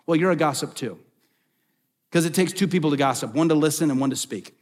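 Preaching at a normal speed in a fairly high voice, a middle-aged man gives an emphatic sermon from a church sanctuary. He returns to the same phrases and poses rhetorical questions, with a large hall's long reverb behind him.

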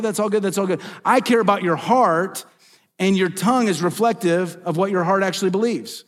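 A middle-aged male pastor preaching a sermon, emphatic, with repeated phrases and rhetorical questions. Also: high-pitched. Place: church sanctuary. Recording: long reverb of a large hall.

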